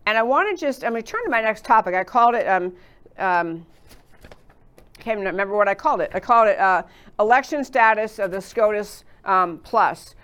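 A woman's voice: medium pitch, animated, fairly quick, fairly bright tone, clean tone. A woman hosting a political talk show, rambling through her commentary with many fillers and restarts. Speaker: show host.

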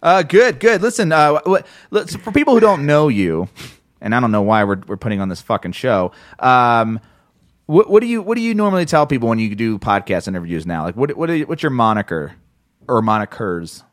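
A man's voice: medium pitch, expressive, brisk, dry recording, clean studio sound. Joking man hosting a podcast. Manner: joking, profane, rambling. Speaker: podcast host. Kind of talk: casual podcast chat.

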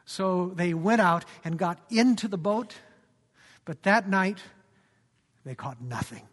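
A male pastor delivers a sermon as dramatic storytelling, pressing his listeners with rhetorical questions. His voice sits high for a man. Every phrase trails off into a long hall reverb. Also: animated, slow pace, a bit bright.

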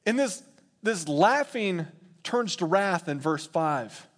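A man preaching a sermon in an animated, laughing way, acting out quotes in playful voices. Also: high-pitched, takes it slowly. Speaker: pastor.

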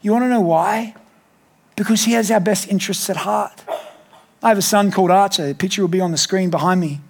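A male pastor preaching a sermon to a congregation, animated and shouting some lines for emphasis. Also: high-pitched, a little fast, vocal fry. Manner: animated, shouting for emphasis with playful quoted voices. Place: church hall before a congregation.

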